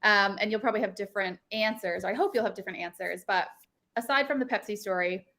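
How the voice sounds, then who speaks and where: A woman hosting a webinar, reacting warmly and openly to a guest's story. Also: medium pitch, quick pace. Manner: warm, responsive, easily moved. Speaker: webinar host. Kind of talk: casual webinar chat.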